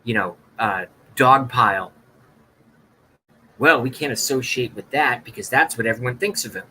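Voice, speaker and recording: A man hosting a live broadcast, delivering a sarcastic rant in a sharp, forceful voice. He talks to his viewers in a mock-dramatic way, with a faint hum of noise behind him. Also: mid-range voice, normal speed, poor audio. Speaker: livestream host.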